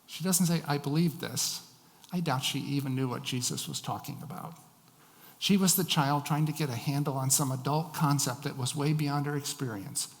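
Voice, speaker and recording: A man's voice: on the high side, moderate pace. A man preaching a sermon as a pastor, telling stories with shifting emphasis. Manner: storytelling, varied emphasis. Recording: long hall reverb.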